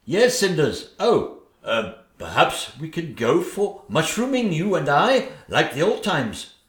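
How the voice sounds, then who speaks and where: A man's voice: fairly high pitch, big pitch swings, slow pace, fairly bright tone, exaggerated voice. A man voicing a meek middle-aged king and father who talks in a pompous, upper-class way and is easily cowed, recorded in a roomy space. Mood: flustered. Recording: roomy echo.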